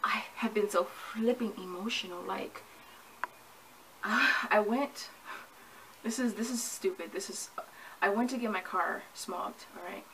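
A woman's voice: mid-range voice, a little slow, long pauses, pushed and bright, recorded from a distance, low-quality recording. A young woman chatting casually to camera in a pregnancy vlog, rambling and laughing at herself, hot and sweaty. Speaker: vlogger. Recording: from the mic with faint ambient noise.

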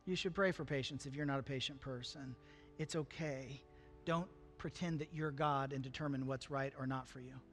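A man's voice: mid-range voice, fairly even intonation, normal speed, faint music behind. A man preaching a sermon, talking to the congregation in an earnest, conversational way and lifting his voice for emphasis. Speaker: pastor.

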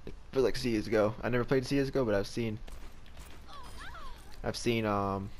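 Young guy venting and swearing thru his gameplay commentary, kinda low voice, bit of noise. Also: steady tone, normal speed. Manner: frustrated, swearing, rants at the game. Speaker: gameplay streamer.

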